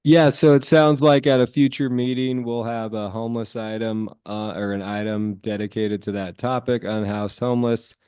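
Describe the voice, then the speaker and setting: Measured, procedural male councilman. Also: on the low side, level tone, darkish tone, clear, resonant tone, dry recording, clean studio sound. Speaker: city councilman. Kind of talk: council meeting discussion. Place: council chamber.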